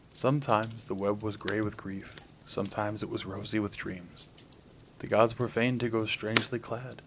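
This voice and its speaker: A man hosting a story podcast, narrating a folk tale in a gentle, unhurried storybook style. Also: fairly low pitch, noisy background. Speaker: storyteller host.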